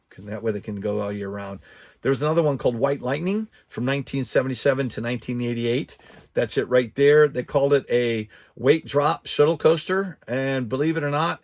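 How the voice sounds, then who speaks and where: A man hosting a podcast, chatting casually and rambling with frequent restarts and asides. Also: medium pitch. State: out of breath. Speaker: podcast host.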